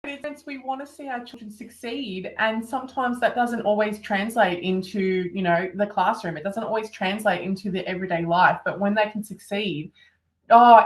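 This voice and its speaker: A woman's voice: medium pitch, low-quality recording. Enthusiastic woman podcast host. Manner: warm, enthusiastic, fillers like um and you know. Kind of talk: casual interview talk.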